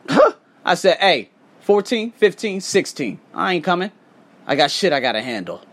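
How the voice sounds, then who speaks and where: A man's voice: medium pitch, brisk, husky. A young American man with a casual, slangy, profane delivery, hosting a podcast monologue about his work as a teacher abroad. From United States. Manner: animated, profane, street slang. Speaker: podcast host.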